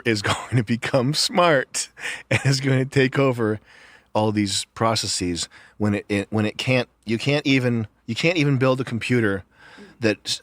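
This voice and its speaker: A man's voice: fairly low pitch, fairly bright tone, no room sound. A man in a casual podcast chat, ranting with profane disbelief into a close mic. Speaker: show co-host.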